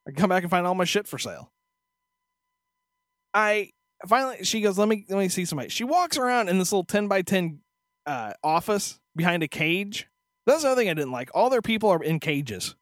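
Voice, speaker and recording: A man's voice: high voice, sing-song, a little fast, fairly bright tone, no echo, clean studio sound. A man co-hosting a podcast, telling a story as a profane, exasperated rant in casual chat. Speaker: podcast co-host.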